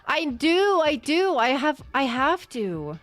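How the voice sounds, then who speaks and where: A woman's voice: sits high, sing-song, slow pace, a bit bright, dry recording. A woman streamer chatting casually with her viewers, laughing often and answering chat. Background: faint background music.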